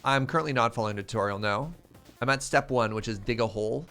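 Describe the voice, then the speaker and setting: A man's voice: medium pitch, fast, sharp tone, faint music behind. Chatty man streaming a game. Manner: chatty, answers chat questions, laughs often, tells anecdotes. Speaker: streamer playing a modded block-building game. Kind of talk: casual live-stream chat while gaming.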